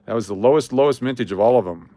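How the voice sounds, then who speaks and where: A man racing through his words in a dark-toned, mid-range voice hosts a casual live stream with coin giveaways. He's chatty and repetitive, calling out viewers by name as he hands out prizes.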